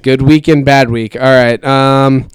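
Man in his twenties, podcast co-host, joking banter, smooth clear voice, dry close sound. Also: mid-range voice, fairly even intonation, no room sound. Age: 20s. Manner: joking, quick asides, swears casually. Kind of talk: casual chat.

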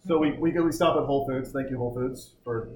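A man's voice: mid-range voice, quick pace, darkish tone, echoey room, slight background noise, low-quality recording. A man hosting a podcast, telling rambling, jokey stories in casual group chat. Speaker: podcast host.

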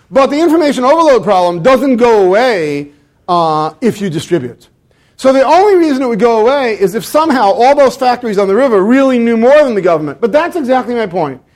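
A man giving a law lecture and taking questions from an audience, with wry, self-mocking humor and lively mock dialogue. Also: high voice. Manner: animated, fond of mock dialogue. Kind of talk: academic lecture with Q&A. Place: university lecture hall.

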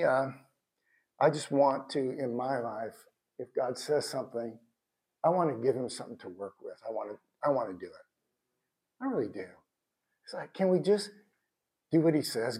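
A man preaching a sermon in a conversational, animated way, with bursts of shouted emphasis. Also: mid-range voice, normal speed. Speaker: pastor.

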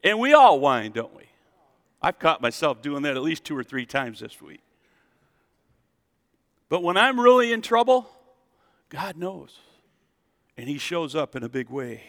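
A man preaches with animated energy, calling on his congregation to answer back. His voice is bright and somewhat high for a man, with a gravelly edge. It rings out through a church sanctuary with a long reverb tail. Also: a little slow, pauses often. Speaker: pastor. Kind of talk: sermon.

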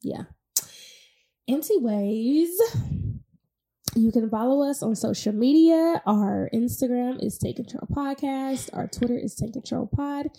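A woman's voice: fairly high pitch, measured pace, dark tone. A young adult woman hosting a casual podcast chat, upbeat and chatty, laughing often. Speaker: podcast host.

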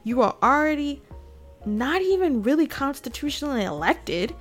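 A woman's voice: high-pitched, very animated, moderate pace, soft background music. A woman giving casual, indignant political commentary straight to her viewers. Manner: indignant, addresses viewers directly, laughs between points.

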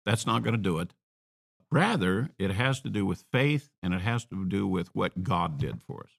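A male preacher with a very low voice and a gravelly edge. He delivers his sermon as a story, climbing into emphatic peaks and then falling back into quiet asides. His talk sounds unscripted and conversational. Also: animated, normal speed.

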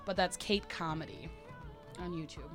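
A woman's voice: lowish voice, steady tone, normal speed. A woman comedian casually plugs her channels, joking at her own expense. Faint music runs under her voice. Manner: self-deprecating, joking. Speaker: comedian guest. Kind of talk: casual plug.

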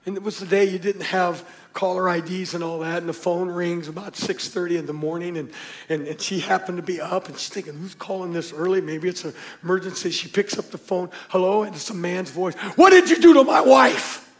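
A middle-aged man preaching with a high, light voice. He tells his stories with energy, hushing some lines almost to a whisper and shouting others as he plays the people in them. This is a pastor at the pulpit in full storytelling mode. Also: steady tone, a little fast. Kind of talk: sermon.

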